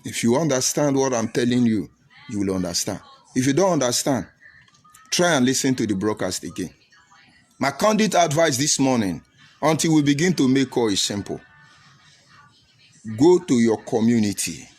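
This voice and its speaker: A man's voice: medium pitch, big pitch swings, normal speed, pauses often, darkish tone, faint music behind. A middle-aged man, giving a preachy broadcast commentary and repeating phrases for emphasis. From Nigeria. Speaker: political commentator.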